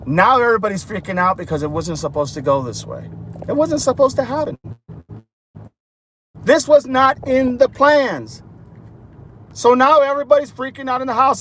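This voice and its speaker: Animated male livestream host. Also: sits high, normal speed, pauses often, a little hiss or hum. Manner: animated, addresses listeners directly. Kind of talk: speculative live-stream talk.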